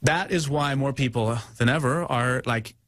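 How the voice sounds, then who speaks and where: A young man hosting a talk show, rambling and mocking as he talks, now and then mimicking others in a high voice. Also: normal speed, fairly bright tone, dry recording. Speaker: show host. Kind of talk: animated talk-show monologue.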